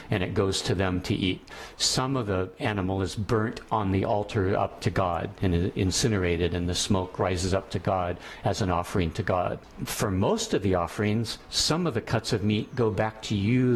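A man's voice: on the low side, moderate pace, few pauses, slight background noise. A man teaching a class, lecturing on ethics and thinking aloud as he goes, often restarting his sentences.

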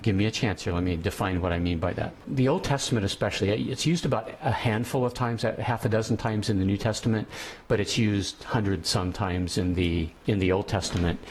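A man's voice: fairly low pitch, brisk, slight background noise. A man teaching a class, lecturing on ethics and thinking aloud as he goes, often restarting his sentences.

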